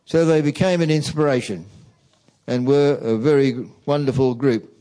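A man giving a reflective talk to a church audience, speaking in a slow, measured way. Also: medium pitch, mellow, rough recording. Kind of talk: reflective talk, reading song lyrics aloud.

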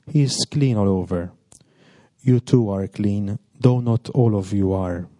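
A man voicing Jesus as a calm teacher in a plain, unhurried gospel reading. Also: fairly low pitch, dry recording, pitched below the performer's own voice. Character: Jesus, calm male teacher speaking to disciples.

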